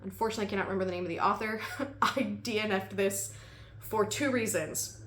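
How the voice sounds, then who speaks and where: A woman's voice: medium pitch, fast talker, a bit bright. Woman book vlogger, casual and chatty, laughs a lot, echoey room. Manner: chatty, laughs often, many ums. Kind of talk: casual chat.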